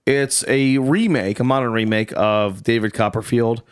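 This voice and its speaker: A man co-hosting a podcast in casual chat, a playful joker with quick banter. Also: medium pitch, steady tone, clear, resonant tone, dry recording, clean studio sound. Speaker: podcast co-host.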